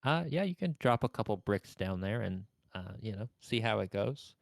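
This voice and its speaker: A young man narrating as game master of a tabletop game, slow and hesitant with many fillers. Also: on the low side, lively intonation, gravelly, no room sound, clean studio sound.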